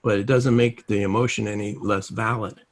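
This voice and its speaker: A man's voice: on the low side, fairly quick. A man giving a casual self-help teaching talk over a video call, telling stories and acting out the dialogue in them. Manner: animated storytelling, acts out quoted dialogue.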